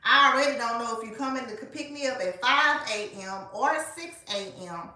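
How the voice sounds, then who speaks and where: A woman, telling a story in a casual, animated way and speaking straight to her listeners. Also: fairly high pitch, normal speed, distant mic. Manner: animated, colloquial, addresses listeners as y'all. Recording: echoey room, voice off-mic.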